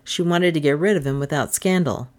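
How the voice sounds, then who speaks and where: Low-voiced woman narrator, brisk, wry audiobook reading. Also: darkish tone. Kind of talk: scripted narration.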